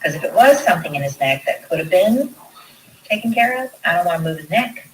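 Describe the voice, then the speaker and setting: Animated woman nurse telling a story. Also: fairly low pitch, brisk, recorded from a distance, slight background noise, low-quality recording. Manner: animated storytelling, acting out the voices of others. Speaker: nurse interviewed in a news clip. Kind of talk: recounting an event in an interview.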